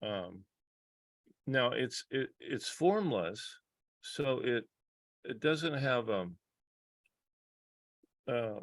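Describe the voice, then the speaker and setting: A man speaking as a guest psychologist in a reflective conversation, earnest and halting, with frequent restarts and pauses, heard over a video call. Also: medium pitch, animated, no room sound.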